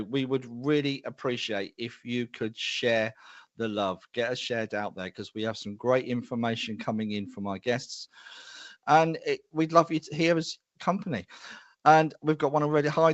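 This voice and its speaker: A man's voice: mid-range voice, dry recording, muffled recording. A middle-aged man hosting a live show, chatty and self-deprecating as he greets viewers by name. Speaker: host.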